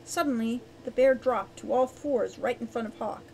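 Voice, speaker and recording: Woman audiobook reader, bright higher voice, gives each character its own voice. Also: moderate pace, vocal fry, a little hiss or hum, rough recording. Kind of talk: storybook narration.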